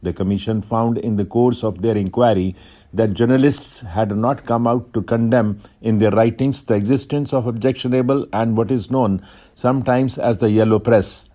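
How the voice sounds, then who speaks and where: Guy reading out dictation at steady speed, dark mellow voice, pauses between phrases. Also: on the low side. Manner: even, measured reading with clear phrase breaks. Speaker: shorthand dictation reader.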